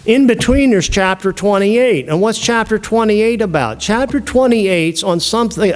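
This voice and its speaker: A man giving a seminary lecture on the Bible, animated and full of rhetorical questions. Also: high voice. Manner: animated, asks rhetorical questions, acts out quoted voices.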